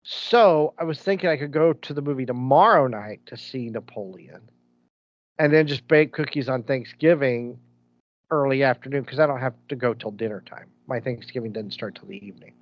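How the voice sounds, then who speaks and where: A man co-hosts a podcast at a moderate pace, his mid-range voice expressive as he rambles through stories and keeps starting over. The echo-free recording still sounds dull and lo-fi.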